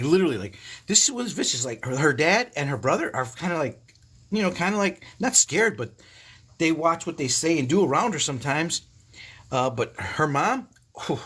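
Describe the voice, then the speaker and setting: Husky guy in his fifties on a phone livestream, cussing a lot, kinda high voice. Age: 50s. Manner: profane, animated storytelling with laughs. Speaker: livestream host. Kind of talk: casual livestream chat.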